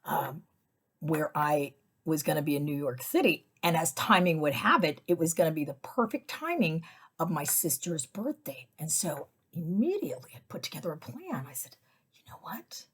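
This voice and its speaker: A woman tells a personal story in a relaxed, chatty vlog. Her voice is somewhat low and a little husky, and it swoops up high whenever she acts out what someone said. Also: normal speed. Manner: animated, acts out her own quoted lines. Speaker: vlog host. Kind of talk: casual storytelling.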